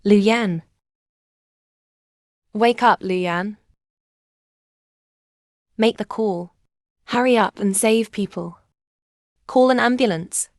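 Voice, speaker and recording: An earnest young heroine from a short romance drama. The lines come slow and measured, in a middle-pitched voice with plain, even phrasing. The sound is close and dry, as if dubbed in a small booth. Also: female voice, no echo.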